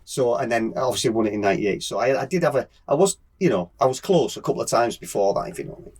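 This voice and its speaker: Here the guest is a middle-aged racer from England, talking casually on an interview podcast. His mid-range voice moves quickly with lively intonation, a little mellow and slightly rough, as he laughs through stories peppered with yeahs.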